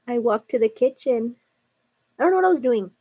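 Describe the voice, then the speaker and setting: A woman's voice: on the high side, animated, fairly quick, warm tone, husky, highs cut off. A woman hosting a live makeup stream, chatting casually and confidingly to her viewers, calling them "girl" as she works. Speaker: livestream beauty host. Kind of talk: casual makeup tutorial chat.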